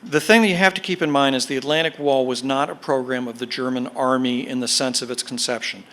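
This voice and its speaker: A man giving a history lecture to an audience, explaining in a measured way with fillers and emphatic stresses. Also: mid-range voice, steady tone, a bit bright. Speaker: guest speaker, military historian. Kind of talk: podcast lecture.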